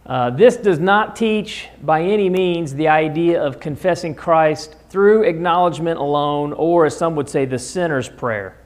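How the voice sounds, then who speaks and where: A man's voice: on the high side, a little slow, few pauses. A man leading a Bible study in a church classroom, explaining passages and putting questions to the class. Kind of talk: conversational Bible study lesson. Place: church classroom in the American Midwest.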